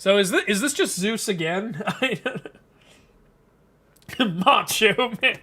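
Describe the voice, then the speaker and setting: A live-stream host reads a webcomic aloud, chatty and quick to laugh and joke about the story. His high-pitched voice is expressive, slow, pushed and bright.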